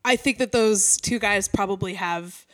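A woman's voice: mid-range voice, unhurried, fairly bright tone, no room sound, studio quality. A woman co-hosting a casual podcast, talking loosely with lots of "like" and laughing at her own jokes. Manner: chatty, many "like" fillers, laughs at own jokes. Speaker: podcast co-host. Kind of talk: casual chat.

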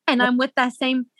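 A woman's voice: on the high side, a bit bright, no echo. A young woman co-hosting a podcast, telling a story in a bubbly, giggly way full of "like" fillers. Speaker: podcast co-host. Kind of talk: casual storytelling chat.

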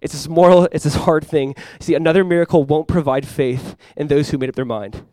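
Animated, fast-talking male pastor. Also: on the high side, no room sound. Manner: animated, acts out quoted voices, repeats himself. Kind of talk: sermon.

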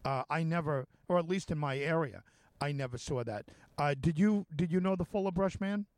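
Hesitant man chatting, fairly high voice. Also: fairly quick, a little mellow, no echo. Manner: hesitant, many restarts and fillers, laughs easily. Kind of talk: casual chat.

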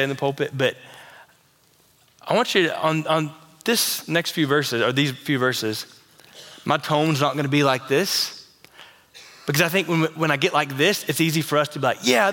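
A male pastor preaching a sermon, swinging between impassioned, emphatic peaks and a soft, close, confiding tone. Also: medium pitch. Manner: drops to soft, intimate tone for Jesus' warnings.

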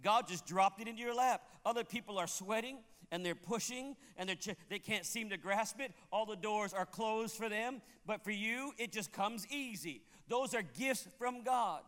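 A man preaching a sermon as pastor, speaking emphatically and rising to loud exclamations. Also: high-pitched, normal speed, few pauses. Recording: long hall reverb.

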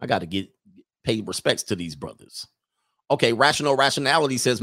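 Slangy, animated man hosting a live stream. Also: mid-range voice, brisk, dry recording, studio quality. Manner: animated, slangy, mocking put-on voices; laughs often mid-sentence. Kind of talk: casual live stream commentary.

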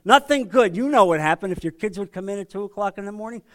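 A man's voice: high-pitched, expressive, fast talker. A man leading a men's Bible study, teaching in a conversational way and often asking the group rhetorical questions.

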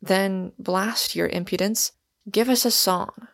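Storybook role: a severe, roguish young man, read by a woman, slow and deliberate, with a gravelly edge. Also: medium pitch, steady tone, a bit bright, no echo, clean studio sound. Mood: stern. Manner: severe, mocking authority. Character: stern, roguish young man holding a pistol.

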